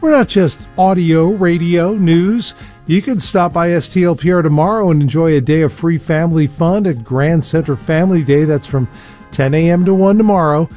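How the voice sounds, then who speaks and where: A man's voice: on the high side, normal speed, mellow, soft background music. A man reading local radio station announcements and event promos in an upbeat manner.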